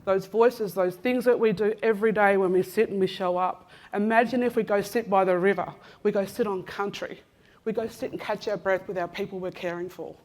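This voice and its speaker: This woman's voice is mid-range and darkish, steady in tone and fairly quick. A fifties-aged Australian from Western Australia, she delivers an Acknowledgement of Country as a chatty, joking talk, walking through a large conference room, teasing audience members by name with many "um"s.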